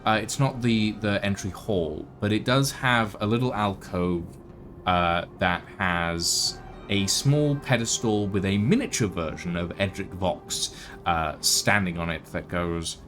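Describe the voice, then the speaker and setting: A man narrating a tabletop game as game master, in slow, hesitant description with many fillers. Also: lowish voice, fairly bright tone.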